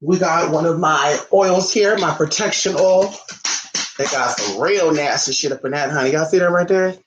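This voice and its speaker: A man's voice: a little high, normal speed, background noise. A man hosting a live-stream ritual tutorial, flamboyant and sassy, calling everyone honey and chatting back to his viewers. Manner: chatty, answers viewer comments. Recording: echoey room.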